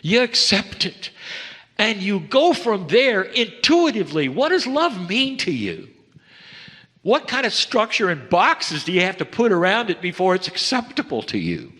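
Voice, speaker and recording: A man giving a slow, earnest channeled spiritual talk, pausing between phrases, recorded in a lecture hall. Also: sits high, wildly swooping pitch, pushed and bright.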